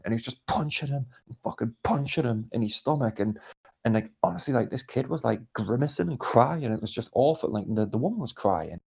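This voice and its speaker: Gravelly man telling a story. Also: mid-range voice, a little fast. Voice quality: gravelly, husky. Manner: swears a lot, animated anecdote with acted quotes. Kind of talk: casual storytelling chat.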